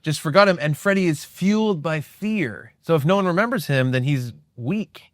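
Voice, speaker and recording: A man's voice: on the high side, lively intonation, normal speed, no room sound, studio quality. A man co-hosting a podcast, eagerly adding details and agreeing in casual chat about a movie. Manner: eager, agreeable, chimes in often. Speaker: podcast co-host.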